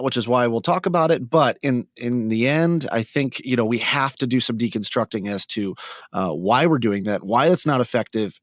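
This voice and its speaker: A man's voice: medium pitch, no echo. Agreeable reflective man, dry close sound. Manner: agreeable, reflective, quick to laugh. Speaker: podcast co-host. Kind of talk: casual conversational podcast.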